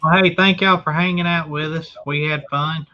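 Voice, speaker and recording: A man's voice: on the high side, steady tone, moderate pace, slight background noise. A man hosting a casual chat, folksy and joking. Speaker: host. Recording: dull lo-fi sound.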